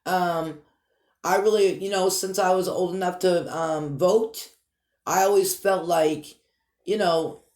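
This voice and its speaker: A man's voice: high voice, fairly even intonation, slow, a little mellow. A man with a Boston accent, chatting casually and rambling upbeat to his vlog viewers. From Massachusetts. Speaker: vlog host. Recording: echoey room.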